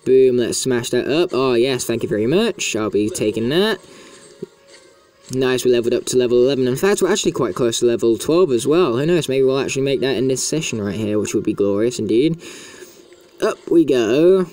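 A man's voice: mid-range voice, lively intonation, brisk, darkish tone. A man chatting casually as he plays a video game, in a talkative, self-mocking way. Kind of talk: casual gameplay commentary.

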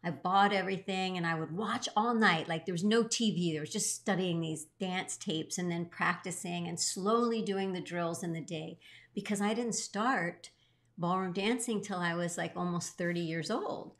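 A woman's voice: on the low side, moderate pace, fairly bright tone. A middle-aged woman co-hosting a show, earnestly telling an emotional personal story with swings in her voice. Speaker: co-host. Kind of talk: heartfelt storytelling.

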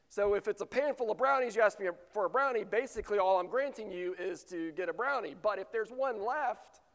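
A man preaching a sermon as pastor, swinging from loud rhetorical questions to near-whispered lines. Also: high voice, vocal fry. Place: church sanctuary. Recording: long reverb of a church sanctuary.

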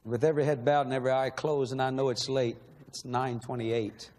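A man's voice: mid-range voice, flat delivery, a little fast, darkish tone. A man preaching a sermon in a large church, emotional and pleading, asking the same questions again and again. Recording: long echo of a large hall.

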